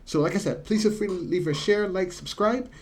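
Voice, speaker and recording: A man hosting a casual video lesson, slowly drawing out words as he demonstrates them. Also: high-pitched. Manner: slow, drawn-out demonstration of words. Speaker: language teacher and channel host. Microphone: camera mic.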